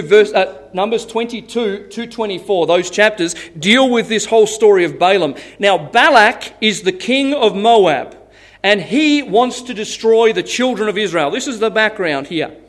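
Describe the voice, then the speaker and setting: Man, pastor, sermon, high voice, animated storyteller, chuckles. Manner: animated storytelling, laughs at his own stories.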